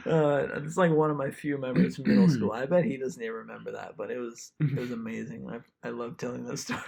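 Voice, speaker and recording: A man's voice: mid-range voice, big pitch swings, moderate pace, vocal fry, dark tone. A young man co-hosting a podcast, telling rambling stories in casual chat and laughing often. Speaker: podcast co-host.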